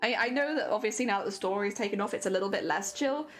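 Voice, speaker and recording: A woman's voice: mid-range voice, quick pace, soft background music. A young woman streaming, chatting casually with her audience, laughing often and trailing off mid-thought.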